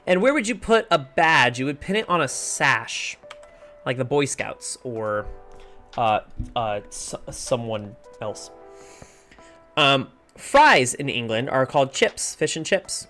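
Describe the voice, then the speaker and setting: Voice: mid-range voice, sing-song, slow pace, a bit bright, faint music behind. A livestreamer thinking aloud while working through word clues in a puzzle game, often trailing off unsure. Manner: muses over word clues, trails off with "I don't know".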